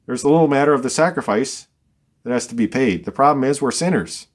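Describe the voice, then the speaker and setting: A man's voice: medium pitch, expressive, quick pace. A man teaching a verse-by-verse Bible study, reading scripture and explaining it conversationally with dry, wry asides.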